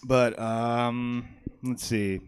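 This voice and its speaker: A man's voice: mid-range voice, little pitch movement, drawn-out words, clean tone. A man doing a stand-up set on a comedy stage, rambling and self-mocking, checking in with the crowd often. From California. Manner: rambling, self-mocking, frequent "all right?". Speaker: stand-up comic and emcee.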